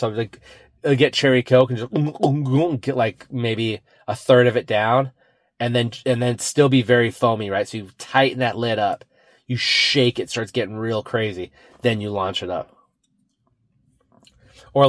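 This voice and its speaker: A man's voice: medium pitch, no room sound, clean studio sound. A young man hosting his own podcast, rambling and joking about himself, often saying "dude". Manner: rambling, self-mocking, says "dude" a lot. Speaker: podcast host. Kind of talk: solo podcast monologue.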